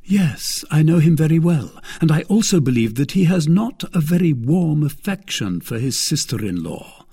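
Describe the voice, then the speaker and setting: A man's voice: a little high, big pitch swings, moderate pace, few pauses, mellow, husky, voice pushed up, full character voice. A man voicing an eager young male musketeer in a storybook reading, talking urgently.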